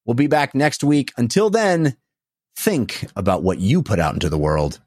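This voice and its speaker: Man, podcast host, lively pitch, casual chat, dry close sound, uh fillers. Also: moderate pace, husky, dry recording.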